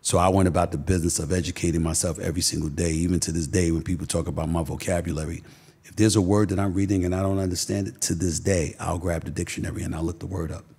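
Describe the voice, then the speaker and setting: Middle-aged New guest, emphatic storyteller, very low husky voice. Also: male voice, fairly even intonation, quick pace, darkish tone. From Queens, New York. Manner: emphatic, repeats phrases for stress. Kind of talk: candid personal storytelling.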